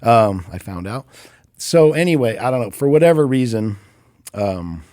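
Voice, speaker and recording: A man in his fifties, a recording engineer, telling stories casually in an interview and acting out quoted voices with lively jumps in pitch. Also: moderate pace, no room sound, clean studio sound. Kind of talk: casual storytelling. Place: recording studio.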